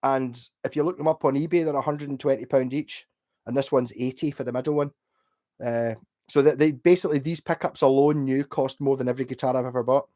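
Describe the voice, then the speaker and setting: A man's voice: medium pitch, steady tone, a little fast, mellow. Guy a bit drunk, rambling to his livestream chat, laughs a lot. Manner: rambling, chatty, laughs often. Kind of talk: casual livestream chat, reading out chat. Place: home, late at night.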